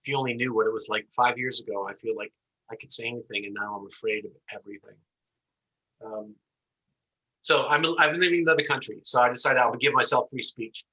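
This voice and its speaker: A man teaching an online class, telling an animated story and acting out the voices as he explains. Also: medium pitch, fast, poor audio. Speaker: instructor.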